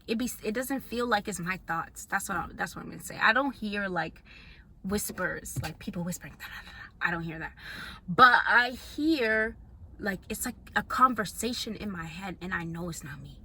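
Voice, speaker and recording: A young woman vlogger talking straight to camera in a casual monologue, blunt and profane, jumping between loud outbursts and hushed asides. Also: medium pitch, lively intonation, normal speed, slight background noise.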